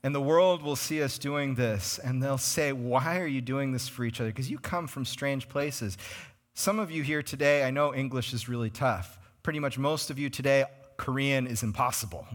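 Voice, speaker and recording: A man preaching a sermon as a pastor, conversational and animated, speaking to his congregation in a church. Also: mid-range voice, moderate pace. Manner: conversational and animated, names congregants, acts out quoted voices. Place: church sanctuary.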